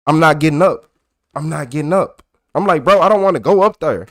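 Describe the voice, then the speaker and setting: A young man with a high-pitched voice talks straight to his livestream chat, swearing freely. He grows loud and animated as he recounts his grievances, then drops back into an easy, casual tone. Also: brisk. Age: young adult. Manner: animated, profane, gets loud and worked up while retelling. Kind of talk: casual storytelling to a live chat.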